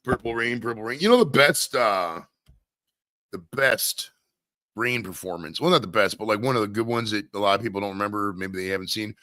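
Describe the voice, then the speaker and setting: Brisk, pushed and bright, a lowish male voice carries a Maine host's casual stream. On his own, he rambles conversationally and swears a lot.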